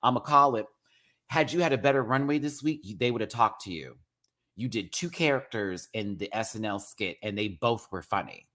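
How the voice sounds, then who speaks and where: A man with a low voice talks through a casual rant review of a TV show. He is sassy and expressive and slips drag slang into every thought. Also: moderate pace.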